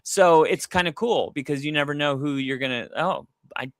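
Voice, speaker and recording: Here a fairly high-pitched man co-hosts a casual sports podcast about football, spinning animated stories and performing the quotes himself. He talks at a moderate pace, captured in clean studio sound with no room noise.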